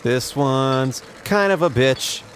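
A young let's play host plays a video game while cracking sarcastic, crude jokes about himself. His medium-pitched voice is animated but slow, with a little hiss or hum in the recording.

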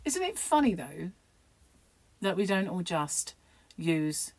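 Middle-aged woman, casual vlogger, low-ish tone, dry close sound, meandering and self-deprecating. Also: big pitch swings, measured pace, pauses often, darkish tone, breathy edge, dry recording, rough recording. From United Kingdom. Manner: rambling, chatty, self-mocking, fond of asides. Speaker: crochet vlogger. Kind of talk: casual chat to camera.

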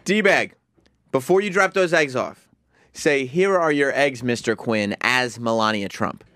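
A man's voice: medium pitch, measured pace, fairly bright tone, dry recording. Radio guy bossing a staffer around, teasing, dry close mic. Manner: teasing, bossy. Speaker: radio show host. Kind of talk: casual banter. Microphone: studio mic.

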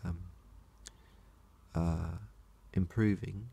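A man giving a casual personal update, his slow speech constantly broken by blurted words, barks and meows. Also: sits low, fairly even intonation, gravelly, mellow, slightly rough.

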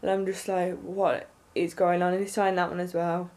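Excited young woman vlogging. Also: on the low side, moderate pace. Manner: excited, rambling, lots of fillers. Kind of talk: casual storytelling to camera.

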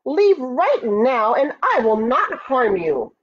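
A tiny, fearless male ant with a high, taunting voice, put on by a woman reading a storybook aloud. He sounds bold and a little shrill. The audio is dull and lo-fi. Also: sing-song, takes it slowly, exaggerated voice. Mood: defiant.

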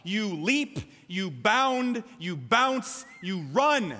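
A man with an American Midwestern accent preaching a lively sermon as a pastor, with emphatic bursts and shouts. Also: sits high, drawn-out words. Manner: energetic, emphatic preaching with sudden loud shouts. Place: large church sanctuary. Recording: long hall reverb from a church.

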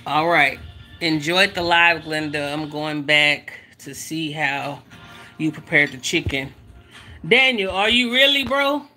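A woman's voice: low-pitched, slow, soft background music. A woman hosting a cooking livestream in casual, teasing chat, reading out viewer comments as she goes. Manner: lively, teasing, reads viewer comments aloud. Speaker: cooking show host.

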